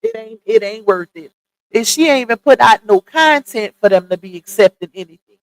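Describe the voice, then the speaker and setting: A woman's voice: fairly high pitch, big pitch swings, brisk, gravelly, poor audio. Blunt gossipy woman on a livestream. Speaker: livestream host. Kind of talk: casual commentary chat.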